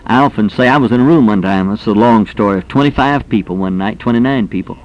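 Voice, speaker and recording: A man's voice: fairly low pitch, fast talker, dull audio. A man preaching an earnest, folksy sermon, emphatic and full of anecdotes. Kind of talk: sermon on soul winning.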